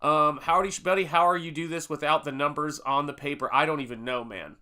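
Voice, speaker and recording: A man's voice: on the high side, fairly even intonation, a little fast, sharp tone. An upbeat American man hosting a live painting stream, greeting viewers from the chat by name with casual fillers. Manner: upbeat, reading out chat names with frequent fillers. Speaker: livestream host and painter.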